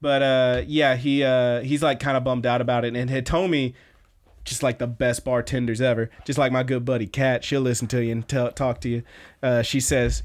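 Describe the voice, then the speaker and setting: A man's voice: medium pitch, level tone, moderate pace. A man hosting a podcast, casually retelling anime episodes with lots of fillers. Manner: rambling, filler-heavy retelling with quoted lines. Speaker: podcast host. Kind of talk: casual anime recap chat.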